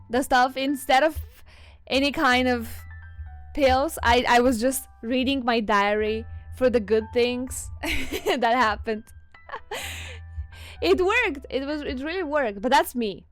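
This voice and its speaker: A woman streamer with a non-native English accent, chatting casually with her viewers, giggling often as she reads chat. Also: fairly high pitch. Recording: faint music behind.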